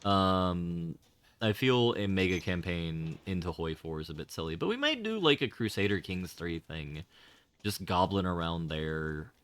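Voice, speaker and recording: A man's voice: deep voice, lively intonation, a little slow, fairly bright tone, clean tone, no echo. A man streaming a game, talking casually with rambling, wry and sarcastic asides and casual swearing. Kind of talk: casual gaming livestream commentary.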